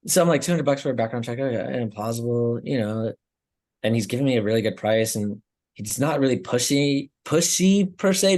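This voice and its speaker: A man's voice: mid-range voice, darkish tone. A young man on a podcast, telling a story casually, rambling with lots of fillers and swearing. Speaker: podcast co-host. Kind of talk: casual chat.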